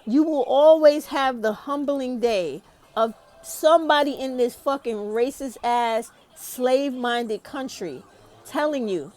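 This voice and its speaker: Woman, YouTube commentator, fired-up and cursing, slightly high voice. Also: a little slow, darkish tone. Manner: profane, ranting and emphatic. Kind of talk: heated opinion monologue.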